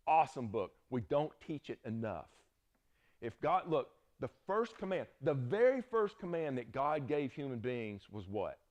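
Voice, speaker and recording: Middle-aged Southern man, folksy Bible teacher, storytelling lecture with frequent check-ins. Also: mid-range voice.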